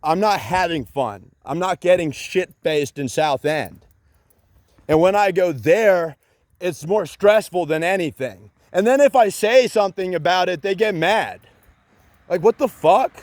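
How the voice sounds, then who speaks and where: A man's voice: high voice, expressive, measured pace, no room sound. A man in a rambling solo rant, agitated and profane, repeating himself with many fillers and bits of sarcasm.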